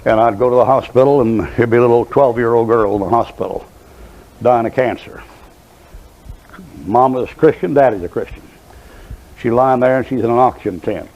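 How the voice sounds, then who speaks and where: A man's voice: medium pitch, fairly quick, long pauses, highs cut off. An older man preaching a sermon, telling folksy, rambling stories with many asides.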